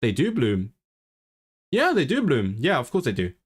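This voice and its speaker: A man's voice: mid-range voice, normal speed, breathy edge. A man livestreaming casually about learning languages, thinking aloud with many restarts, reading chat and trying out learner's Welsh. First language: English. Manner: switches into learner's Welsh with lively intonation. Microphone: desk microphone.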